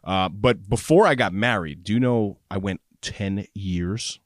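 A man co-hosting a podcast in casual chat, relaxed and laughing easily as he tells his own story. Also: fairly low pitch, a little slow, no room sound, clean studio sound. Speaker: podcast co-host.

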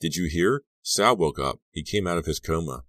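A man's voice: deep voice, lively intonation, normal speed, fairly bright tone, dry recording. A man voicing a tired, edgy teenage boy who answers with weary sarcasm, in an audiobook reading.

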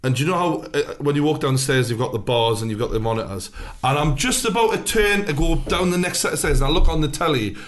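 A man's voice: a little high, quick pace, hardly any pauses, slight background noise. A man hosting a podcast from North East England, chatting casually and swearing freely as he tells an anecdote. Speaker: podcast host. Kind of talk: casual chat.

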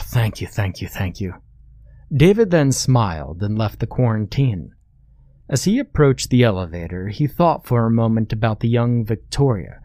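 Guy reading a creepy story, low voice, dry close sound, calm and matter-of-fact. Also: no echo. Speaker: narrator. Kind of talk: scripted horror narration.

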